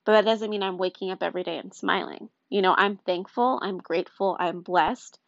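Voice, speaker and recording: A woman's voice: medium pitch, fairly quick, creaky, dry recording. A young woman speaks in a candid, confessional ramble about faith, sounding worn out. Her voice is close and dry, with a slightly dull, lo-fi quality to the recording. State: tired.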